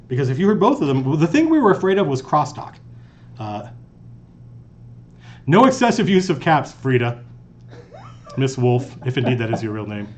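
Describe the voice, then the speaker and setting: A man with a mid-range voice, serving as game master and host, runs a live stream from an office conference room. Miked with a lapel mic, he tells stories animatedly and casually, rambling with many restarts, over slight background noise.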